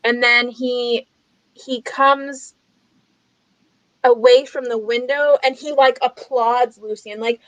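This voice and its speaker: High-voiced woman in a book club video call, chatty, reacts strongly. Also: steady tone, slow pace, long pauses, fairly bright tone, no echo, rough recording. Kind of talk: casual book club discussion.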